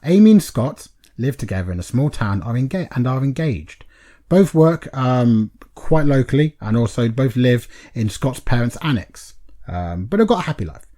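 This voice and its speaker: A man co-hosting a podcast, chatting casually, laughing often and calling his co-host "mate" as he reads out a horror film pitch. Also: dark tone.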